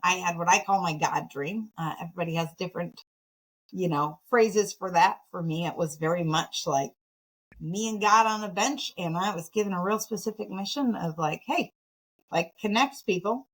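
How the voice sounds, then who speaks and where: A woman from Michigan, a podcast guest, telling her story in a casual, animated, self-deprecating way with frequent laughter. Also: lowish voice, moderate pace, slightly rough, poor audio. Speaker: podcast guest, nonprofit founder.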